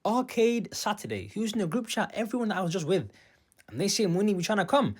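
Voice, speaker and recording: A young man telling a comic personal story for his vlog, animated and boastful, jumping between loud outbursts and quiet muttered asides. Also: high-pitched, a little fast, slightly rough. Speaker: storytime vlogger.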